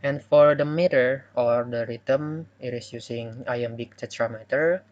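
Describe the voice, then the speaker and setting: A young man whose first language is Indonesian gives a class presentation at a very slow, careful pace. He hesitates often, filling gaps with "uh" and correcting himself mid-sentence. His voice sits at a medium pitch. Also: fairly even intonation, lo-fi sound. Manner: hesitant, with many "uh" fillers and self-corrections. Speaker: student presenting a poem analysis.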